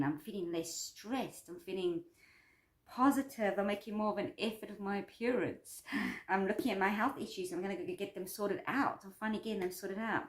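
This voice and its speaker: Upbeat woman vlogging in an echoey room. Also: medium pitch. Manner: rambling, repeats herself, upbeat and self-affirming. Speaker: vlogger and course creator. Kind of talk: emotional personal check-in vlog.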